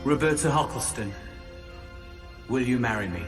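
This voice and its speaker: An actor playing a nervous male music teacher who makes a halting speech in a film clip. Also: medium pitch, animated, lightly acted. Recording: distant film audio with reverb and music.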